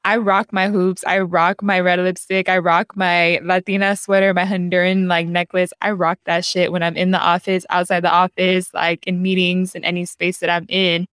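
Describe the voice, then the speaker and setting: Young woman host, lowish voice, emphatic and chatty, dry close mic. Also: little pitch movement, moderate pace, hardly any pauses, a bit bright, clean tone, no room sound. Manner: emphatic, chatty, calls her guest girl. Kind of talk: casual chat.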